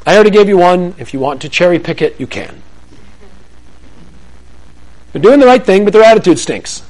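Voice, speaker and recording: Man, middle-aged, pastor, sermon, lively rising and falling pitch, slightly high voice. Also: fast, poor audio. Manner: animated, acts out dialogues with rising excitement.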